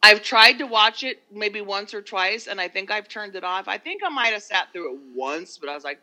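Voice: mid-range voice, expressive, normal speed, hardly any pauses, sharp tone. A podcast co-host in casual chat, swearing freely and trailing off mid-thought.

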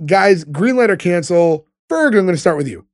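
A man's voice: high voice, expressive, normal speed, dry recording, studio quality. A man hosting a casual podcast, talking loosely with lots of fillers. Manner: loose, rambling, frequent fillers. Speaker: podcast host. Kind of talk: casual chat.

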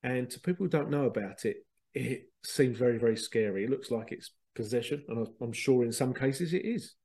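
Man, podcast host, casual storytelling, warm mellow tone, animated and chatty. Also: medium pitch, fairly quick. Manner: animated, chatty, laughs and swears while telling stories. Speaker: spiritual medium and podcast host.

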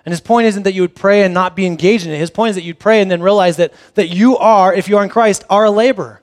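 A man giving a casual sermon, reading scripture and then playfully acting out the disciples' reactions in a conversational, animated way. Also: high voice, quick pace, few pauses. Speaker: pastor.

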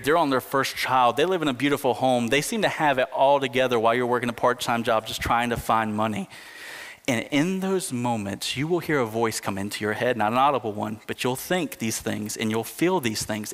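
A man preaching a sermon in an earnest manner, slowing down and lifting his voice for emphasis. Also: medium pitch, a bit bright, big-room sound. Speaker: pastor.

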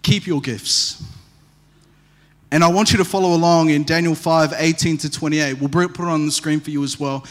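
A man preaches with a high voice and a lively storytelling manner, tossing in humorous asides. His words ring out with a long reverb in a church hall. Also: fast, few pauses. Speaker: pastor. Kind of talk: sermon.

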